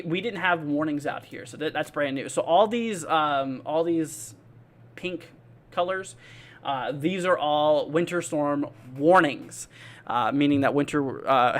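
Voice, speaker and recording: A fairly high, fairly bright male voice carries this live weather stream. The host chats loosely and amiably, piling on fillers, reading viewer comments out loud, and responding to people by name.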